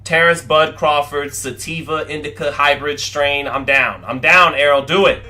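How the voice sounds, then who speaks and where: Bright-voiced young man reacting to chat. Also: on the high side, normal speed. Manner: excitable and profane, talks straight to chat. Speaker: boxing show host. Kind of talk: casual reaction commentary to livestream chat.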